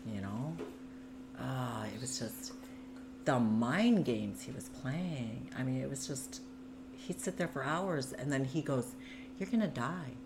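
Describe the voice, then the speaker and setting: Her voice is very deep and she takes her time, with noise audible behind her. As a guest in conversation, she candidly recounts her own experiences in an earnest, tumbling way, leaning heavily on "you know" and "like."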